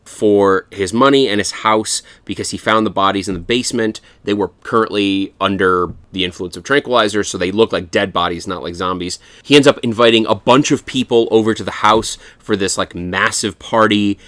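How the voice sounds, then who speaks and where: A man's voice: lowish voice, normal speed, hardly any pauses, fairly bright tone, no echo. Man, podcast co-host, casual film talk, cursing, laughing, dry close sound. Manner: swears freely, laughs while recapping. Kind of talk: casual film review chat.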